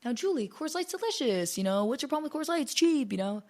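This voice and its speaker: A woman's voice: high voice, very animated, quick pace, darkish tone. A woman in her twenties hosting her own podcast, telling a rambling, swear-filled story in casual chat with lots of "like". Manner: chatty, rambling, swears often, heavy use of "like". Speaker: podcast host.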